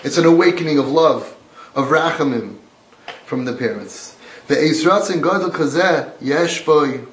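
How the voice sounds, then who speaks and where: A man giving a sermon-style religious lecture, emphatic and repetitive, quoting from texts. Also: mid-range voice. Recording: roomy echo.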